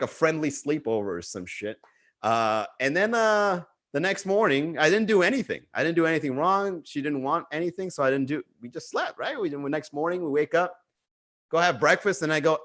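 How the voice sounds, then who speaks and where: A man's voice: a little high, animated, moderate pace, fairly bright tone. A man doing stand-up storytelling on a virtual livestream, rambling and profane, with frequent restarts and chuckles. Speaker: stand-up comedian.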